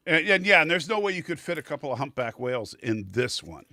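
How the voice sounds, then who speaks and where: Chatty male panelist, bright sound, playful. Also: a little high, very animated, brisk, no echo. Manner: chatty, enthusiastic, joking. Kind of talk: casual panel chat.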